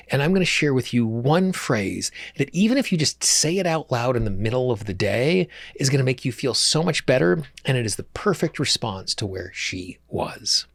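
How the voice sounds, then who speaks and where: A man's voice: medium pitch, fairly bright tone, dry recording, clean studio sound. A man hosting his own podcast, teaching listeners in an earnest way and repeating words for emphasis. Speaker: podcast host.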